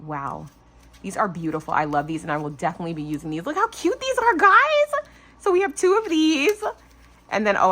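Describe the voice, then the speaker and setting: Gushing bright-voiced woman unboxing crafts. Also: medium pitch. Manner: gushing, excitable, lots of "oh my gosh". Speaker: craft channel host. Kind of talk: casual unboxing chat.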